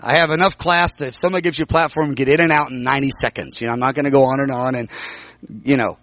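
A man preaching, telling a personal story and acting out the dialogue with sudden high exclamations. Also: fairly even intonation, racing, a bit bright, no echo, muffled recording, soft background music. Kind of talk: sermon storytelling.

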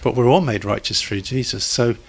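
Guy preaching in a church, chatty, asks the room questions, middle pitch. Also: a little fast, vocal fry, breathy edge. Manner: conversational, asks the congregation questions, jokes. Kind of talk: sermon.

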